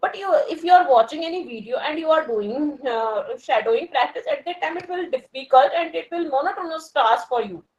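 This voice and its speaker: A working professional from India with an Indian English accent chats casually and hesitantly about learning English, full of fillers and restarts. Her high-pitched voice is expressive, brisk, and a little mellow, with few pauses and dull audio.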